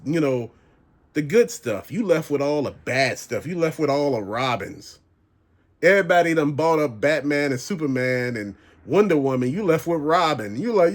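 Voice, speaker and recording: A man hosting his own collecting channel, telling profane stories in a casual, slangy rant. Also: mid-range voice. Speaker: channel host.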